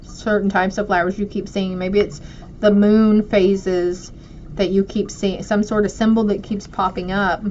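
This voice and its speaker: Speaking directly and affectionately to her viewers, a woman gives a casual spiritual oracle card reading. Her medium-pitched, darkish voice is flat and a little slow, on dull lo-fi audio with slight background noise.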